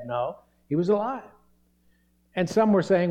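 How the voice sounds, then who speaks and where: A man's voice: high-pitched, expressive, normal speed, dark tone. A middle-aged man pastor delivering a sermon, earnest and emphatic, stressing key words.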